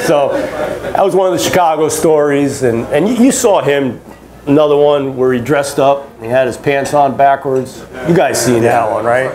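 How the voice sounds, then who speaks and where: A man's voice: medium pitch, moderate pace, crowd noise, rough recording. A man in his fifties, a former ballplayer as a panel guest, telling rambling, chatty stories to a fan audience at a convention. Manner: chatty, rambling, with many restarts and laughs. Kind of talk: casual storytelling to a fan audience.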